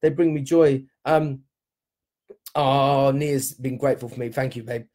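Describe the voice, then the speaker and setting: A man's voice: medium pitch, steady tone, measured pace, darkish tone. A man hosting a live stream from home, giving viewers an upbeat, encouraging motivational talk and speaking straight to them. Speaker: live-stream host, dance company leader. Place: at home during lockdown.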